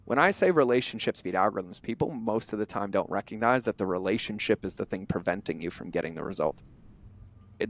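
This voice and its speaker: A middle-aged man, a podcast guest, telling stories in a blunt, animated way and acting out bits of dialogue as he goes. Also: fairly low pitch. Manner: animated, acts out imagined dialogue in quick bursts; blunt, drops the odd curse. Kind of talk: conversational interview storytelling.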